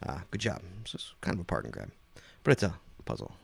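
Male podcast host, expressive pitch, easygoing and laughing, dry mic. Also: gravelly, husky, no room sound. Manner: laughs often, reads listings slowly. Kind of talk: casual podcast chat.

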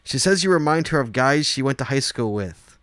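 A man's voice: mid-range voice, animated, moderate pace, fairly bright tone, no room sound. A man co-hosting a casual podcast, reading listener mail and teasing his partner. He laughs a lot, and his voice swoops up and down as he jokes. The sound is dry and close. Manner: joking, laughs often, teasing. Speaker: podcast co-host.

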